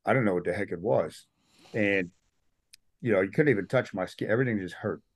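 A man's voice: on the low side, fairly quick, no room sound, clean studio sound. A middle-aged man, a podcast guest, telling a personal story in a casual interview and acting out what people said. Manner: animated storyteller, acts out quotes.

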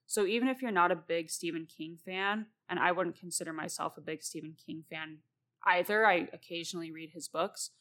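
Woman rambling about her novels, lowish voice, laughs a lot, close mic. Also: a little fast, fairly bright tone. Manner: chatty, rambling, laughs often. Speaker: podcast host and novelist. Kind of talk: casual solo talk about writing.

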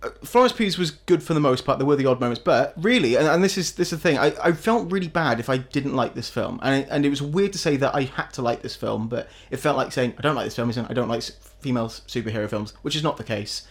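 A man's voice: mid-range voice, expressive, fast talker. A man co-hosting a casual film review chat, opinionated and blunt, often restarting his sentences with a chuckle. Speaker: podcast co-host.

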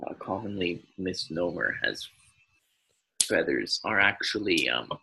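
A young man co-hosting a casual comedy podcast, telling absurd made-up facts in a deadpan way with many filler pauses. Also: low voice, gravelly, a little hiss or hum, poor audio. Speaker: podcast co-host.

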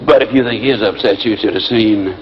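A man giving a motivational speech, telling folksy stories in an animated way, on a muffled lo-fi recording. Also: on the low side, a little fast. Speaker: motivational speaker. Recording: muffled lo-fi with faint hiss.

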